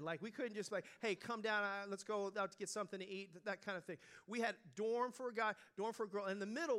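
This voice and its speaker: A middle-aged man delivers a sermon in a high, ringing voice with a bright edge. His preaching is casual and conversational, full of jokes and stumbling restarts as he works toward his point. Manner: conversational and joking, with many restarts. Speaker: pastor.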